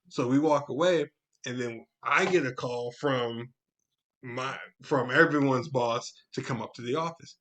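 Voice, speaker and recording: A man of middle pitch telling a story in a relaxed, casual way, swearing freely. He gets loud and pointed when quoting his own comebacks. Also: normal speed. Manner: laid-back, profane, rises into loud retorts. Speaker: podcast co-host.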